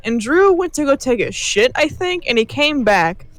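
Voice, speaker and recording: A woman's voice: high voice, moderate pace, no room sound. A young woman co-hosting a gaming channel, telling a story over gameplay with lots of laughter and swearing. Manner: animated, laughing storyteller who swears freely.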